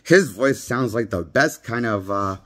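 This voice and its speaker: Rambling movie critic, a man in a mid-pitched voice, blunt, talking into his phone. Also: expressive, unhurried, a bit bright. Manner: rambling, blunt, repeats himself. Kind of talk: casual vlog movie review. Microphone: handheld phone.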